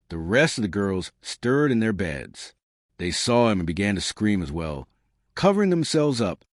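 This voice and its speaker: A man narrating a horror story in a measured storytelling manner. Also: on the low side, no room sound, clean studio sound.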